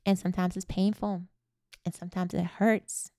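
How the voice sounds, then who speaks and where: Woman guest, warm gravelly storyteller, lively, dry close sound. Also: fairly low pitch, normal speed, dry recording. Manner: animated, laughs while telling stories. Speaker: podcast guest. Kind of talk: personal storytelling in conversation.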